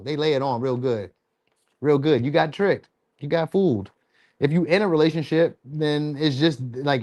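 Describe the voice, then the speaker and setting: Guy doing a loose tarot reading vlog, kinda high voice, cussing and joking around. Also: darkish tone. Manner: loose, profane, joking delivery; slips into high-pitched mock voices when quoting. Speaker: tarot reader.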